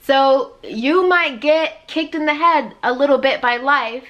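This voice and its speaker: Woman, high-pitched, bright ringing tone, motivational spiritual talk, emphatic, repetitive, chatty. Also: measured pace, muffled recording. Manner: emphatic and preachy, acting out God's voice with loud high swoops; repetitive, conversational, with frequent "like". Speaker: life coach and podcast host.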